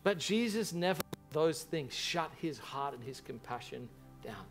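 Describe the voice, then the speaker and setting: A man preaching a sermon as pastor to a large church congregation, impassioned and animated in his storytelling. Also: fairly high pitch, unhurried, soft background music.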